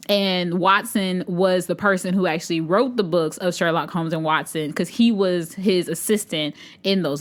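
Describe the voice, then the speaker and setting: A woman co-hosting a podcast in casual chat, playful and giggly, bantering back. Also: fairly low pitch. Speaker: podcast co-host.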